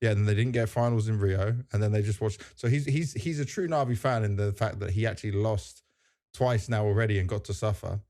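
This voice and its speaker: A man's voice: on the low side, a little fast, dark tone. A man hosting a casual podcast, chatty and joking as he leads the conversation. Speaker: podcast host.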